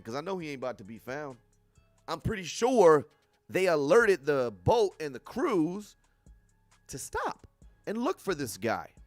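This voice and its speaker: A young man hosting a livestream, reacting to news with profane, animated commentary and frequent laughs. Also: on the high side. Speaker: livestream host. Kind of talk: casual commentary on news clips.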